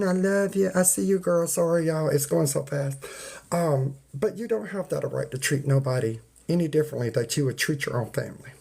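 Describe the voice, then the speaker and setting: Gravelly-voiced livestreamer preaching to chat. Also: medium pitch. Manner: preachy, repeats points, greets viewers warmly by name; folksy, uses y'all and ain't. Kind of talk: casual live-stream rant to viewers.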